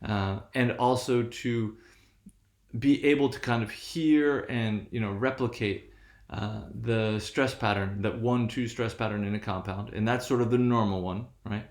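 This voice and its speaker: A man's voice: fairly low pitch, fairly even intonation, a little slow, echoey room. A man giving a patient, explanatory lecture, often checking in with his listeners as he goes. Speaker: university lecturer. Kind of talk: recorded lecture.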